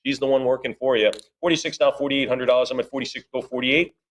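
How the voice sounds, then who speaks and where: A male auctioneer in an auction room moves rapidly through bids and interrupts himself with chatty asides to bidders and staff. His mid-range voice has fairly even intonation.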